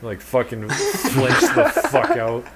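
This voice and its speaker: A man's voice: medium pitch, huge pitch swings, slow pace, a loud crowd. A man co-hosting a podcast, telling a long casual story in a rambling, profane, laid-back way. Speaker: podcast co-host.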